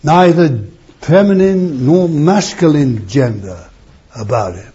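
A husky man preaching slowly and emphatically, pressing the listener with rhetorical questions. His tone is mellow and warm, and the sound is a dull lo-fi recording. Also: medium pitch, expressive. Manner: emphatic, with rhetorical questions and sudden raised bursts. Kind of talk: expository sermon.

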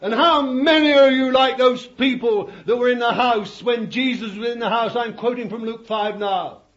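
A man's voice: very high-pitched, moderate pace. A man preaching a sermon, fervent, repeating his phrases and calling his listeners beloved. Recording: dull lo-fi recording.

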